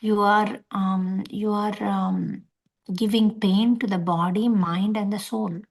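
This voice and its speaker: A middle-aged woman, a spiritual teacher giving earnest, repetitive advice in a question and answer session, sometimes dropping to a soft, breathy near-whisper. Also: mid-range voice, fairly even intonation, takes it slowly.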